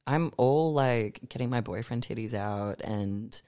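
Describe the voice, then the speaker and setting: A young man, chatting animatedly as a podcast guest, swearing freely and reading poems with slow force. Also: mid-range voice, a little mellow, smooth, dry recording, studio quality. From Australia. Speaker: guest artist and poet. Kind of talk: casual podcast chat.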